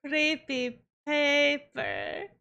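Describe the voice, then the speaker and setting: A woman voicing a pompous old-world male vampire with a grand, drawn-out delivery. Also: sits high, wildly swooping pitch, vocal fry, bright, forceful tone, shouting, heavily acted. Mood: grandiose.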